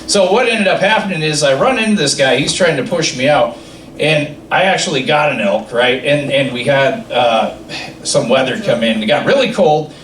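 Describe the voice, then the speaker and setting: A man's voice: on the high side, expressive, moderate pace, a bit bright, slight background noise. A man doing a stand-up comedy set with a loose delivery, often laughing at his own jokes. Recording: echoey club from a distant mic.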